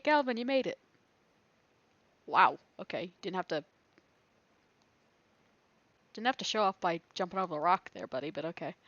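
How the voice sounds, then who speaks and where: With a lowish, fairly bright voice and the highs cut off in the recording, a woman who makes gaming videos talks her way through a survival game. She thinks aloud in a chatty, rambling way and laughs often.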